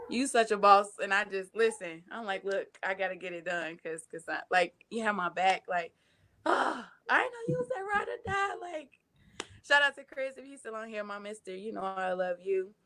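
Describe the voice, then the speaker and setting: A woman on a live stream, tearful and laughing as she gives effusive shout-outs while reading comments. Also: mid-range voice, expressive, moderate pace, no room sound. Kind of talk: emotional casual chat, reading comments.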